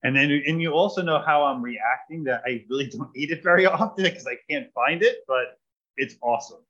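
A man preaching a sermon in short, animated phrases, pausing for an interpreter. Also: a little high. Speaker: pastor. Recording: dull lo-fi sound.

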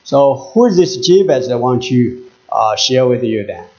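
A man with a Chinese accent preaching in English in short halting phrases, pausing after each for an interpreter. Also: mid-range voice, expressive, a little mellow, highs cut off. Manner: halting, repeats words, pauses for interpreter. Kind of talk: sermon with live interpretation.

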